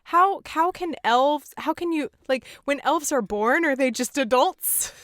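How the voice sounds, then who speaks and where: A woman's voice: high-pitched, animated, a bit bright, no echo. Chatty woman podcaster, dry sound. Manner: chatty, laughing, fast asides. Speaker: podcast host. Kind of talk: casual chat recapping a film.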